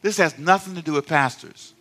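High, bright-voiced pastor preaching playfully. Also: male voice, brisk. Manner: conversational, playful preaching with call-and-response. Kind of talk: sermon.

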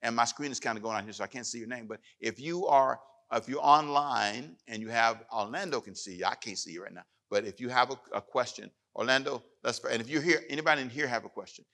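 A man pastor preaching in a church, his voice bright and pressing. He climbs in volume when reading scripture and settles to plain talk for questions. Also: mid-range voice, quick pace, few pauses. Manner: animated preaching, rising loud on scripture. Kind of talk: sermon with Q&A. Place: church hall with live audience.

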